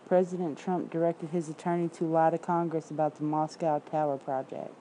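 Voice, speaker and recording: A low, very dark and mellow-voiced woman from Memphis speaks with a Southern accent. She chats loosely and bluntly to her viewers, tossing in curses and quick asides between the headlines she reads out. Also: level tone, a little hiss or hum, poor audio. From Memphis, Tennessee. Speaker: independent writer streaming to viewers. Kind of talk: casual livestream chat.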